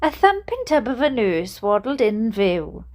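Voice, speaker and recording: Welsh woman reading aloud, slow. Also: fairly high pitch, very animated, a little mellow. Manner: giggly, breaks into laughter. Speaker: storyteller.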